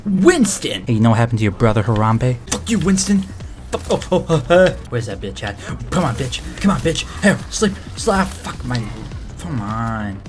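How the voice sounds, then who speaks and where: Excitable trash-talking gamer guy. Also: medium pitch, normal speed, over music. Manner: excitable, trash-talking, frequent shouted outbursts. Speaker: gamer and video creator. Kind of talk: let's-play commentary.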